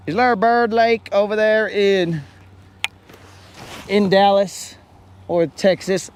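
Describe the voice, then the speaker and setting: Middle aged guy rambling on his fishing stream out on the lake, unhurried, kinda high voice. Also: level tone, clear, resonant tone. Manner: rambling, joking with viewers. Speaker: fishing livestream host. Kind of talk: casual live-stream chat. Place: on a boat on a lake outdoors.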